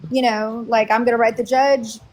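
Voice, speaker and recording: A woman with a slightly high voice, speaking firmly and with opinions in a casual call. Faint noise stays in the background. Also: level tone, moderate pace, a little mellow, rough recording. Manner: firm, opinionated explainer. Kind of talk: casual group chat.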